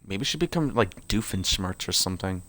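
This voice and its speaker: A man's voice: deep voice, animated, normal speed, bright, forceful tone. A man reading game character profiles aloud. He often stumbles and corrects himself, and breaks off into joking asides. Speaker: game video creator.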